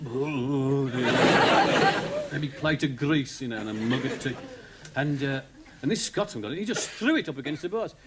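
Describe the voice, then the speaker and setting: Speaking a little fast at medium pitch, this Birmingham-accented man works through a meandering stand-up tale full of chatty digressions. The clip comes from a 1970s TV studio, where a live audience laughs and some background noise lingers.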